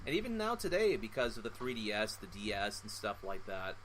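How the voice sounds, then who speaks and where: A man's voice: lowish voice, big pitch swings, fairly quick, fairly bright tone, a little hiss or hum, rough recording. A young man co-hosting a casual podcast, rambling with lots of fillers. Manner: rambling, full of fillers, reminiscing. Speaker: podcast co-host. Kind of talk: casual chat.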